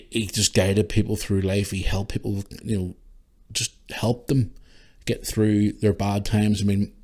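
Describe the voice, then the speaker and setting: Tearful Northern Irish man, lowish voice. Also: darkish tone. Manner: tearful, emotional, swearing, halting restarts. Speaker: podcast host. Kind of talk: emotional tribute monologue.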